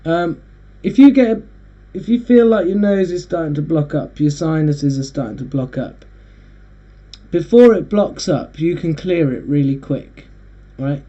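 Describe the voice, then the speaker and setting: A man hosting a casual monologue, rambling and halting with frequent restarts. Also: fairly high pitch, animated, warm tone. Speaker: host. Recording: dull lo-fi recording.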